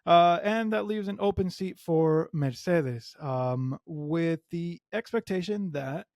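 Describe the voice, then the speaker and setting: A man hosting a solo motorsport podcast, a native Spanish speaker talking in English, animated and emphatic with strong opinions. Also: a little high, slow pace, dry recording, clean studio sound. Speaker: podcast host.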